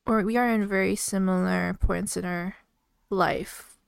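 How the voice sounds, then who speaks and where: A young woman co-hosting a podcast, speaking in a reassuring, fairly even tone with frequent laughs. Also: medium pitch, measured pace, gravelly, clear, resonant tone, dry recording. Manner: reassuring, even-toned, giggly chat. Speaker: podcast co-host. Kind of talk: casual chat.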